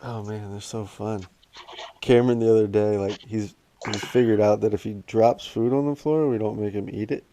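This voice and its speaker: A man's voice: on the low side, steady tone, moderate pace, mellow. A man in his thirties co-hosting a casual podcast, laid-back and swearing freely, laughing often as he chats. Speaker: podcast co-host. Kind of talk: casual chat. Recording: noticeable background noise.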